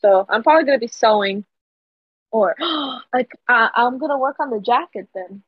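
Young woman, podcast co-host, husky and fairly high, giggly and halting, dull lo-fi mic. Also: lively intonation, no room sound. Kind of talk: casual chat.

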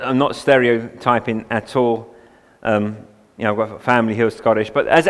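A pastor preaching a sermon, moving between relaxed asides and emphatic, rising passages. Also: male voice, mid-range voice. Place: church. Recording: long hall reverb.

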